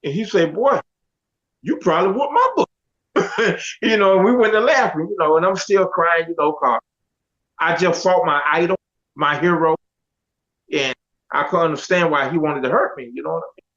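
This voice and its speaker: A middle-aged man telling his life story in a casual, animated way, acting out what others said. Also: fairly high pitch, moderate pace. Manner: animated, quotes others in dialogue. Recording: dull lo-fi audio.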